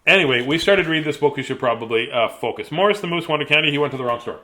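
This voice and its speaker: A man in his fifties reads a children's book aloud, chatting and wandering off into asides. His voice sits slightly high and swings widely in pitch. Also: lively intonation, fast talker, bright, forceful tone. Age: 50s. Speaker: host reading children's books. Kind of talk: casual live read-aloud.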